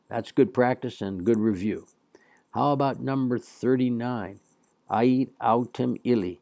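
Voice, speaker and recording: Slow gravelly male Latin teacher. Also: lowish voice, warm tone, dry recording. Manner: slow, patient explaining with fillers. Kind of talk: classroom lecture, reading and translating Latin.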